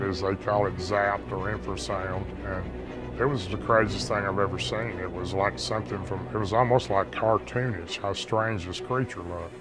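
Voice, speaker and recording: Man, low voice, earnest rambling eyewitness telling, faint music under him. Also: poor audio. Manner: earnest, rambling storytelling with restarts. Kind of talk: interview testimony, recounting an encounter.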